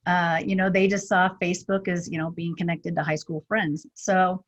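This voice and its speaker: A woman's voice: fairly low pitch, little pitch movement, moderate pace. A middle-aged woman guest, a business strategist, talking chattily with many fillers and quoted asides. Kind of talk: casual interview chat.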